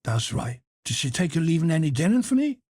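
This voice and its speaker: A man puts on a furious, bullying drunk in a storybook reading, his voice pushed high and hoarse with rage. He is heavy-handed and demanding, and the husky grain of his voice stays in every line. The recording is close and dry. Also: sing-song, a little fast, no echo. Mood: gruff demanding. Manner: bullying, shouting. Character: drunken brutal grown man, a father. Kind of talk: audiobook character voice.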